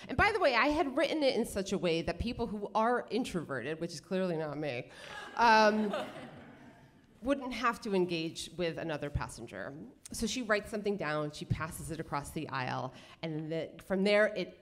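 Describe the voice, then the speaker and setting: A woman telling a funny personal story live on stage, chatty and animated, with many fillers and self-corrections. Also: medium pitch, moderate pace. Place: cultural center stage before an audience.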